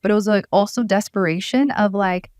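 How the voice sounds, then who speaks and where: A woman's voice: mid-range voice, brisk, darkish tone, dry recording, clean studio sound. A woman hypnotherapist guesting on a podcast, talking emotionally and circling through her thoughts, full of "like". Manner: emotional, rambling, heavy use of "like". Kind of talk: casual conversation.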